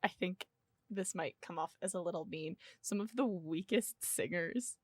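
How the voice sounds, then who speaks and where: A woman's voice: fairly low pitch, moderate pace, no room sound, studio quality. A young woman co-hosting a college radio show, chatting casually and gushing with self-mocking humor. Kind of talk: casual chat. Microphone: studio mic.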